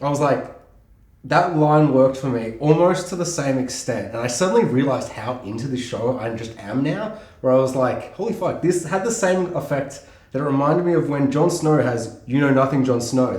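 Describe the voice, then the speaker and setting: A man co-hosting a podcast in casual chat, excitable and swearing freely as he acts out lines. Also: medium pitch, a little fast. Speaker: podcast co-host. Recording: echoey room.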